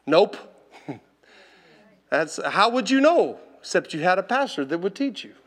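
A man preaching from the pulpit with a high voice and a bright, forceful edge. He tells his story in an animated way, laughing and calling out to the listeners as he goes. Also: takes it slowly. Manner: animated, laughing, calls out to the congregation. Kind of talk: storytelling sermon.

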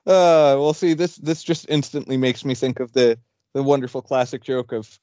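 A man's voice: mid-range voice, normal speed, mellow, clean tone, dry recording, dull audio. A man co-hosting a comedy podcast, making jokes in casual chat. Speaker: podcast co-host.

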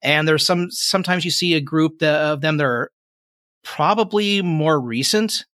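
A man's voice: fairly high pitch, normal speed, fairly bright tone, no echo, clean studio sound. A man narrating a tabletop game as game master, describing scenes in a rambling way with many fillers.

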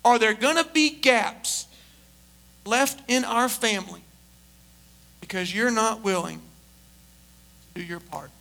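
Middle-aged man, pastor, very high voice, forceful and emphatic, jokey story asides. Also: takes it slowly, creaky, pauses often. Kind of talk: sermon. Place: church service.

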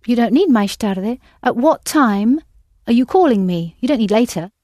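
A woman's voice: on the high side, expressive, normal speed, darkish tone, dry recording, clean studio sound. A woman teaching a language lesson, patiently prompting her students with questions.

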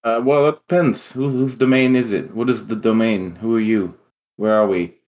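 A man playing in a tabletop game, quick and quizzical, joking with the game master. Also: fairly low pitch, fairly even intonation, darkish tone. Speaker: player. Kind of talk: casual chat during a tabletop game.

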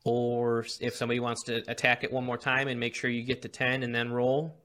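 A man's voice: mid-range voice, monotone, brisk, a bit bright. Man running a tabletop game. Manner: explains rules with frequent restarts. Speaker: game master.

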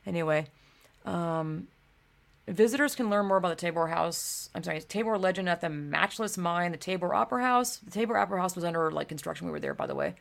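A young woman hosting a casual livestream, speaking in a low, gravelly voice. She rambles, swears freely, and fills her pauses with ums and likes, like someone talking at her desk mic. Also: very animated. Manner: rambling, profane, filler-heavy. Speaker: livestream host.

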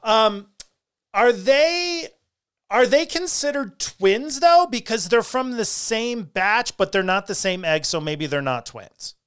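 A man hosting a casual interview, emotional and quick to laugh, repeating himself as he asks questions. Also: high-pitched, lively intonation, a bit bright, smooth. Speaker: podcast host.

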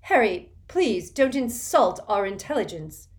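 An earnest teenage girl, voiced by a woman narrator, scolds and presses her point in a lifted, lively voice. The storybook delivery stays urgent. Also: on the high side, unhurried, reverberant, voice pushed up. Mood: insistent. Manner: insistent, scolding.

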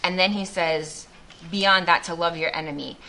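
A woman with a slightly low voice speaks to a group as a missionary. She shares her faith testimony earnestly and thoughtfully, often starting her sentences over. A faint background noise sits under her voice. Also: fairly even intonation, normal speed, sharp tone. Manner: earnest and reflective, with frequent restarts.

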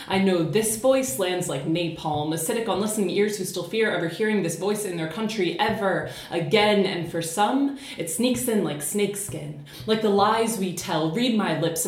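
A woman from the United States with an American accent softened by years in Scotland, chatting on a podcast and then performing a spoken word poem in a measured, rhythmic delivery. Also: medium pitch, reverberant. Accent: American, slightly shifted by living in Scotland. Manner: measured, rhythmic poetic delivery with deliberate slowing.

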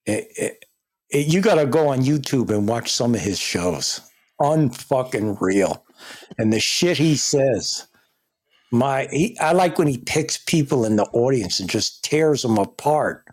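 A man's voice: medium pitch, animated, measured pace, darkish tone. A man hosting a casual chat, telling rambling, profane stories. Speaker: host.

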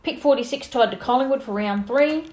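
A woman's voice: high-pitched, fairly quick, darkish tone. A woman with an Australian accent co-hosting a casual chat, chatty and teasing, laughing often. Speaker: podcast co-host.

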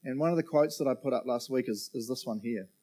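Chatty New pastor, mellow voice. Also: male voice, mid-range voice, fast talker. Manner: chatty, jokey, laughs often, asks the room. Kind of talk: sermon. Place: church auditorium.

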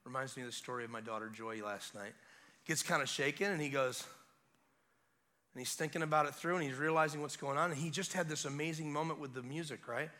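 A man preaching a revival sermon as guest preacher, retelling a scene in an animated way with casual asides. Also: on the high side, fast. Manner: animated storytelling, acting out scenes; conversational asides.

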